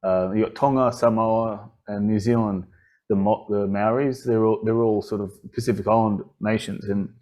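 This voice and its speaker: Australian male podcast host, casual, rambling and animated, lots of restarts. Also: on the low side, moderate pace. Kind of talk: casual chat.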